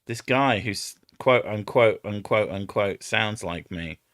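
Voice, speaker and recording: A man's voice: fairly low pitch, slow pace, a bit bright, no echo, clean studio sound. A man with an Edinburgh Scottish accent, hosting a live stream in rambling casual chat, swearing and trying out silly impressions. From Scotland. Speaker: streamer host.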